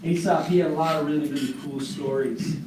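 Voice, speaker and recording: A man giving a live talk to an audience, speaking fast and earnestly, with animated storytelling. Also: a little high. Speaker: speaker at a parents' seminar. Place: large room with an audience. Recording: echoey room from a distance, noisy.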